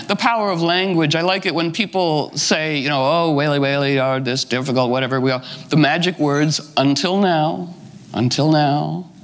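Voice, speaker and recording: A man's voice: on the high side, a bit bright, low-quality recording. A middle-aged man retelling a fairy tale informally, rambling with asides and many "you know" fillers. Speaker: storyteller.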